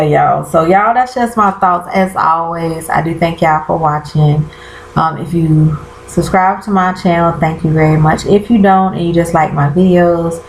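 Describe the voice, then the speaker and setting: A woman's voice: fairly low pitch, creaky, echoey room, a little hiss or hum, low-quality recording. A woman chatting casually to her viewers, calling them y'all and exclaiming as she recaps a TV episode. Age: 30s. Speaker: vlogger. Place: bedroom at home.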